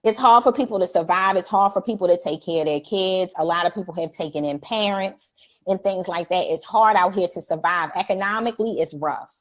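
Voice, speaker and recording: A middle-aged woman hosting a live stream, talking in an energetic, preachy way, repeating "y'all" and acting out polite phrases. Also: fairly low pitch, fairly quick. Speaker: host. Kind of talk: energetic livestream talk.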